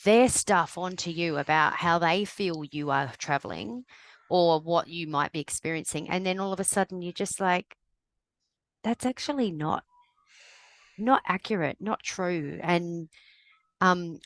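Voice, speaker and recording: Podcast guest: woman with a lowish voice, candid and thoughtful, dry close sound. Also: normal speed, no echo. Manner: candid and reflective. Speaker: grief recovery specialist guest. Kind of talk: podcast conversation.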